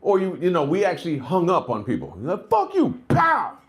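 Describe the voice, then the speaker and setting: Animated, foul-mouthed man doing stand-up. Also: a little high, quick pace. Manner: profane, animated storytelling with lots of "like" and "right?". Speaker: stand-up comedian. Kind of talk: live stand-up set.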